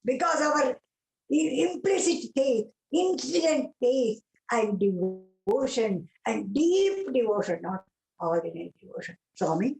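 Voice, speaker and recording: A woman's voice: on the high side, sing-song, measured pace, gravelly, a little mellow. An older woman from India with a South Indian English accent, recounting devotional experiences in an emotional, vivid way. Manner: emotional, vivid retelling with many exclamations. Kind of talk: devotional storytelling talk. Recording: roomy echo.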